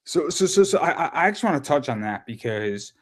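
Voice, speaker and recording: A man's voice: a little high, sing-song, brisk. A man hosting an interview show, talking casually and rambling, often repeating words as he starts a thought.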